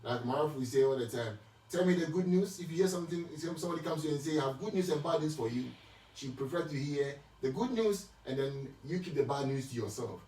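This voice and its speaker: A man's voice: a little high, fast talker, a little mellow. A man with a Ghanaian accent giving a casual Christian teaching talk on marriage, switching between Twi and English with many restarts and repeated words. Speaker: speaker answering marriage questions. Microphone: distant from the mic. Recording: echoey room, speaker far from the mic.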